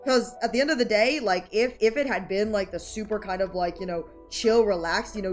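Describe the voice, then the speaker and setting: A woman's voice: mid-range voice, brisk, few pauses. A woman streamer chatting casually with her viewers, rambling with lots of fillers and frequent giggles. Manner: rambling, heavy "like" and "you know" fillers, giggly. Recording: faint music in the background.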